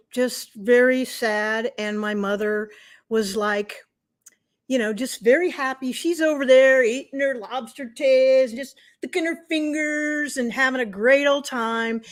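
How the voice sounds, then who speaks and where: A middle-aged woman hosts a live stream from home, talking into her webcam. She tells her story in a chatty, animated way, with a voice pitched a little high. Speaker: host.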